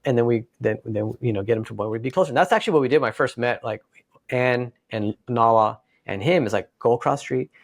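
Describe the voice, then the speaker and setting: A man with a gravelly, fry-edged voice chats casually on a podcast, telling dog training stories and acting out the owners and dogs. He sounds a little congested. The sound is dry and close, with no room echo. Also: mid-range voice, fast talker. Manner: storytelling, acts out dogs and owners. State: slightly congested.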